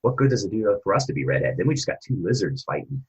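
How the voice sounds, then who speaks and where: A man being interviewed as a guest coach developer, talking in an animated storytelling way. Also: on the low side, fast, breathy edge, low-quality recording. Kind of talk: conversational interview.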